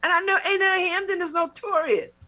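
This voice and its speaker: A middle-aged woman hosting a talk show, telling a personal story in a casual, animated way, with mock-indignant retellings. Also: very high voice, a little fast. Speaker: radio talk show host.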